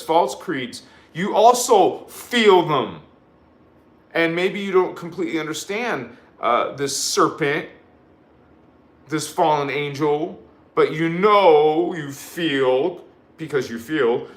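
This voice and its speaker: In an echoey room, a man with a higher, slightly bright voice delivers a live spiritual sermon as host of the show. He leads chanted affirmations and speaks with emphasis and repetition, rambling and frequently starting his sentences over.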